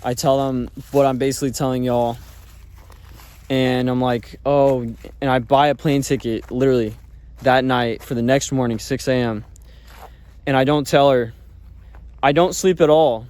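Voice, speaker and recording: A man's voice: mid-range voice, fairly even intonation, moderate pace, pauses often, a little mellow, clear, resonant tone. A man telling a personal story in a casual, rambling way, full of fillers and swearing. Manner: rambling, filler-heavy talk with frequent swearing.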